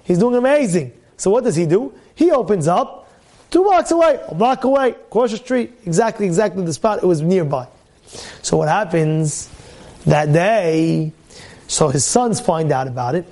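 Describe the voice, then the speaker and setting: A man giving a weekly Torah talk as a rabbi, animated, firing rhetorical questions and repeating his phrases. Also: sits high, normal speed.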